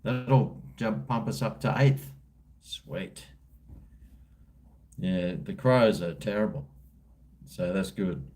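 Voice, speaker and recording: The host is a middle-aged Australian man whose fairly low, slightly mellow drawl moves slowly, broken by long pauses. He's chatting loosely on a livestream, going through comments in a laid-back, slangy, rambling manner.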